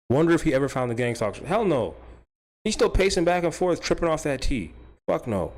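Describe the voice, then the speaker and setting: A man's voice: medium pitch, darkish tone. A man hosting a stream, rambling through a casual comedic rant, swearing freely and laughing at his own jokes. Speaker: stream host.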